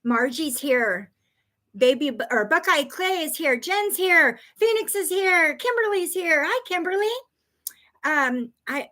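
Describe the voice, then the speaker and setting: A woman hosting a live stream as a psychic reader, chatting in a bubbly, excited way and telling a story with laughs. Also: high-pitched. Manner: bubbly, excited, greeting viewers by name. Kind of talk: casual live-stream chat.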